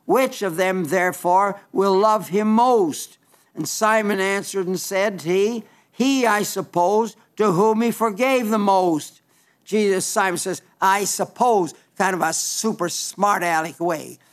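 A man with a high voice preaches a sermon. He speaks earnestly and with emphasis, and he stumbles and restarts his phrases as he goes. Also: unhurried.

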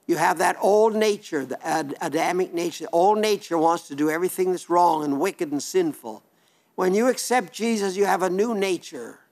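An older man from South Dakota preaches in a plain, homely way, often breaking off and restarting his sentences. His voice is gravelly and sits slightly high for a man. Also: lively intonation, moderate pace, a little mellow. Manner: plainspoken, folksy, rambling with restarts. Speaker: radio preacher. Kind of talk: homely broadcast sermon reading listener letters.

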